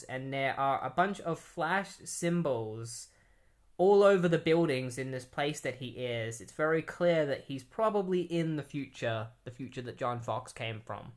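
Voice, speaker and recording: A man casually recapping a comic book plot, rambling with many "like"s and "um"s. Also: medium pitch. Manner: rambling, heavy use of "like" and "um".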